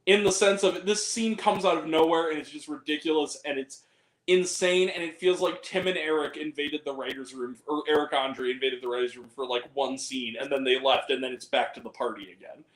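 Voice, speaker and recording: A lively man with a high-pitched voice speaks in an echoey room. Animated and profane, this podcast host is quick to laugh and shout during a casual film review chat.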